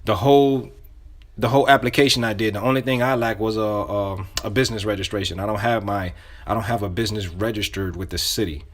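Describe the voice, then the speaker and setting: On the low side and steady in tone, this sales trainer is a fast talker. His casual coaching is loose and conversational, full of restarts and repeats as he plays out example phone calls.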